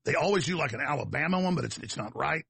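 A middle-aged man with a Texan accent holds forth in a loose, digressive monologue. His voice is heavily gravelly and husky, and his pitch swings widely as he goes. The sound is close and dry. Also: animated, fast, pushed and bright, dry recording. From Texas. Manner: digressive storyteller, folksy asides. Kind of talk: casual rambling monologue.

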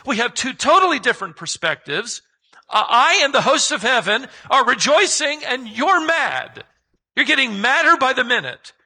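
A preacher voicing God, gentle and fatherly. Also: very high voice, very animated, normal speed, creaky, breathy edge, pitched above the performer's own voice, exaggerated voice. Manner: gentle, kind, reasoning.

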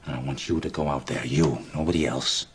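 An actor playing a menacing 1800s gang boss with an old New York accent, nasal, taunting and deliberate. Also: male voice, rumbling low, steady tone.

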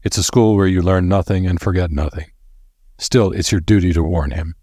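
Brief: man doing a worried male professor, low husky voice, storybook reading. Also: normal speed, mellow, no echo, studio quality. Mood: grim. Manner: anxious, exclamatory. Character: anxious foreign male professor.

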